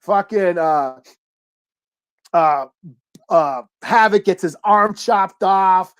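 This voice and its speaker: A man's voice: high-pitched, extremely slow, fairly bright tone, clear, resonant tone. A man hosting a podcast, recapping a comic plot in a rambling, profane way with many fillers. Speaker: podcast host. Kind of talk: casual podcast chat.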